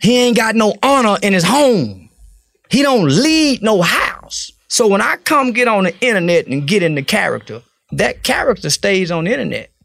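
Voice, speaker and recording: A man talks in a blunt, profane street style, preaching his point. His voice sits high for a man and has a gravelly edge. The recording is close and dry. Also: very animated, normal speed, a bit bright, no echo. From Fort Worth, Texas. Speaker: interview guest. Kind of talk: casual interview talk.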